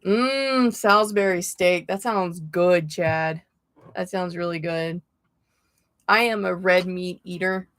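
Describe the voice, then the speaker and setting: A woman's voice: on the low side, slow, fairly bright tone, dry recording. A woman hosting a casual livestream as a tarot reader, chatting with viewers, greeting them by name and laughing often. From Florida.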